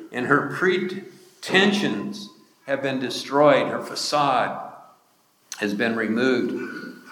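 Male pastor, sermon, unhurried and deliberate, long hall reverb. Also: mid-range voice, pushed and bright, slight background noise. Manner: slow, deliberate preaching with emphatic rises. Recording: echoey hall.

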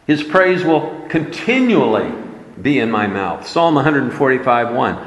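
Slow, animated male preacher in an echoey hall. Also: mid-range voice. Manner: emphatic, repeating key words. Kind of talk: sermon.

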